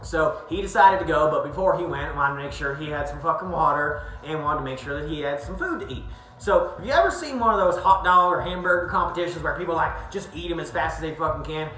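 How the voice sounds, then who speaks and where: Profane, bright-voiced man telling stories. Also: fairly high pitch, quick pace, reverberant, faint music behind, low-quality recording. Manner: profane, rambling, slips into put-on accents. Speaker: vlogger. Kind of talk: casual storytelling recap.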